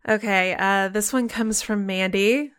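A woman's voice: medium pitch, steady tone, a little slow, fairly bright tone, clean tone. Giggly woman chatting on a podcast. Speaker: podcast co-host. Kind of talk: casual podcast chat.

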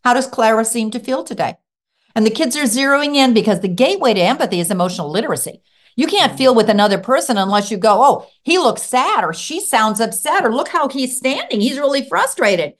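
A middle-aged woman who used to teach, a guest on a podcast interview, telling stories in a lively way and acting out what children said. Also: high voice. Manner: animated storyteller acting out children's voices. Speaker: guest author and former teacher.

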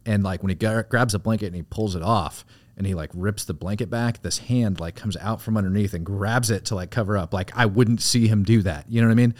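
A man's voice: on the low side, brisk, darkish tone, no room sound. A man co-hosting a casual podcast, rambling and profane, with lots of "like" and "you know". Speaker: podcast co-host, military veteran. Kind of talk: casual storytelling.

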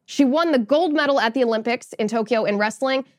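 An indignant woman hosts a political talk podcast with a slightly high voice. Her commentary is opinionated and laced with sarcasm. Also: fairly quick. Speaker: podcast host.

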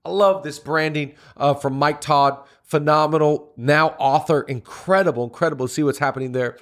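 A middle-aged pastor hosting a podcast speaks with preacher's energy, stacking up repeated lines for emphasis. His voice sits a little higher than most men's as he coaches listeners on leadership. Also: steady tone, normal speed. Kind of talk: motivational leadership talk.

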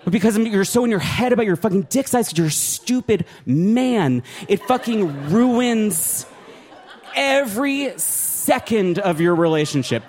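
A man doing a stand-up comedy set on a club stage, with an animated, profane, self-mocking delivery. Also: sits high. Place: comedy club stage before a laughing audience.

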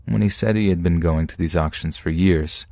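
A man narrating true scary stories in a steady first-person reading. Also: low-pitched, normal speed, gravelly, no room sound, studio quality. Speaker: podcast narrator.

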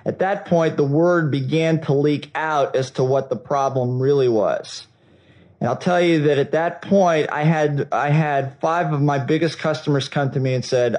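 A man giving a storytelling talk at a seminar, animated and acting out the dialogue, with frequent restarts. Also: mid-range voice, moderate pace, low-quality recording. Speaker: seminar speaker.

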